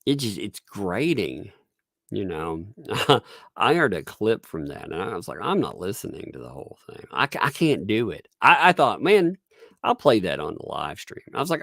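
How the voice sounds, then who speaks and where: Livestream host, male, rambling and laughing a lot, slow and lively-pitched. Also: vocal fry, no echo, clean studio sound. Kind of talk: casual livestream chat.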